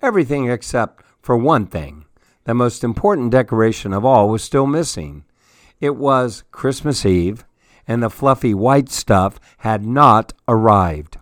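A man's voice: fairly low pitch, animated, measured pace, dry recording, clean studio sound. A man hosting a children's story hour, reading a storybook aloud with expression. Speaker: radio story-hour host.

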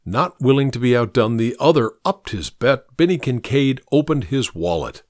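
Expressive male audiobook narrator. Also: medium pitch, normal speed, no echo, clean studio sound. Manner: storytelling, expressive.

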